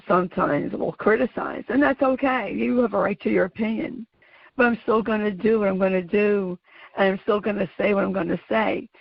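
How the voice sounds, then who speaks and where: Earnest, gravelly-voiced woman host. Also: medium pitch, no echo. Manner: earnest, emphatic, slow deliberate phrasing. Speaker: podcast host. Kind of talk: motivational monologue. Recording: dull lo-fi audio.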